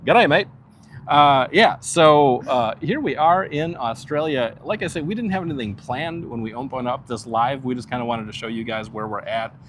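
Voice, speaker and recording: A man's voice: medium pitch, normal speed, hardly any pauses, slight background noise. A man hosting a casual live stream from the outdoor deck of a cruise ship, chatting with viewers in an awed, easygoing way.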